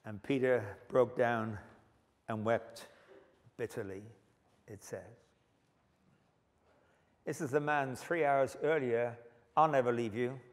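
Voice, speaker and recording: A male preacher giving a sermon with animated, humorous storytelling. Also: mid-range voice, slow pace, long pauses. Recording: long hall reverb.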